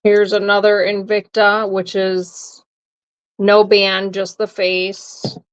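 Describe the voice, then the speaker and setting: A woman co-hosting a live-stream auction, calmly describing the items she shows. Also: medium pitch, slow, clean tone, dull audio. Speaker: co-host showing auction items. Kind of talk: casual live-stream commentary.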